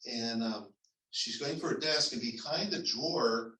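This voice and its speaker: A man who is a pastor, telling a personal story to his congregation in a conversational, halting way with restarts. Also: mid-range voice, pushed and bright. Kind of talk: storytelling sermon. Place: church sanctuary. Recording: echoey church hall, mic at a distance.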